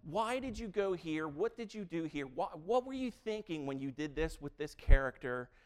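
A man preaching a sermon in a conversational, animated way, often restarting his sentences. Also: fairly high pitch, normal speed. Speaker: pastor.

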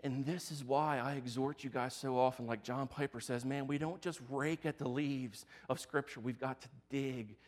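Male pastor, mid-pitched, casual animated storyteller in a sermon. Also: moderate pace, hardly any pauses.

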